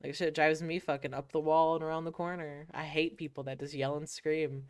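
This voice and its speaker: A woman's voice: deep voice, level tone, fairly quick, darkish tone, no room sound, studio quality. A woman streamer from the United States in casual chat, laid-back and swearing freely, acting out quoted lines.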